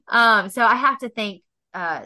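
Bright-voiced woman sharing personal stories. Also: a little high. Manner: heartfelt, laughs often, animated when telling stories. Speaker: podcast guest. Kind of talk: personal storytelling in a podcast interview.

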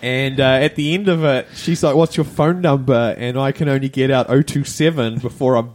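A man, co-hosting a podcast and telling a story in casual, animated chat. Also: medium pitch, fairly quick. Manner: animated storytelling, laughing through it. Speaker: podcast co-host.

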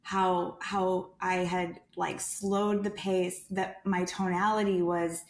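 A woman guest on a podcast who speaks calmly and deliberately, with a soothing tone. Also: on the low side. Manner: calm, deliberate, soothing delivery. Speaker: sales director, guest. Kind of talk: podcast interview answers. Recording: roomy echo.

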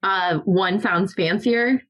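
Young woman, lively casual talker, keeps laughing mid-story. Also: mid-range voice, slow pace, rough recording. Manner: animated storyteller, laughs often, acts out quotes. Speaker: podcast co-host. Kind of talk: casual chat.

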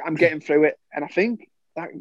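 A young man with a fairly high voice recounts his playing days in relaxed podcast chat. He laughs easily and acts out quoted lines. The sound is dry and a little dull. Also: a little fast, no room sound. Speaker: former footballer guest.

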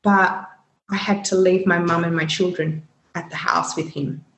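A woman's voice: fairly low pitch, steady tone, moderate pace, a bit bright, roomy sound, low-quality recording. A woman recounting a personal story as an interview guest, rambling, full of "you know" and "um". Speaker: guest sharing her story.

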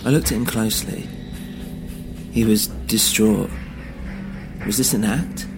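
A man narrating a dark first-person story in a measured, grave way, with dramatic pauses. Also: fairly low pitch, creaky, over music. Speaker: narrator and podcast host.

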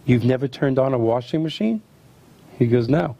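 A middle-aged man hosting a chat, telling family stories and acting out the quotes with lively energy. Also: mid-range voice, normal speed, gravelly, no room sound, lo-fi sound. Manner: animated storyteller acting out quotes. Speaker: host. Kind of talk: casual storytelling chat.

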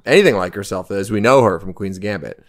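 A man's voice: on the low side, fast. A man co-hosting a casual podcast chat, hesitant and full of fillers and restarts.

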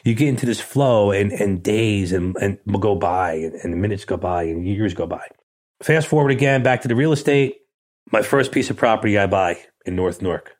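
A man's voice: on the low side, moderate pace. A middle-aged man, a guest in a casual interview, telling a story with blunt, streetwise talk and acting out the dialogue. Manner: animated storyteller who acts out quoted dialogue.

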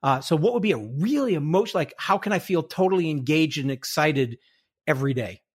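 A man who is a guest author on a podcast, explaining his ideas in a lively way with many restarts. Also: a little high, brisk, breathy edge. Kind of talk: casual conversation.

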